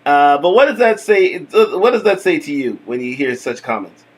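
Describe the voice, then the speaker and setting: A man with a notably high voice hosts a casual live talk stream from a home setup. He talks in an animated, repetitive way, circling back on his points and laughing often. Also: moderate pace.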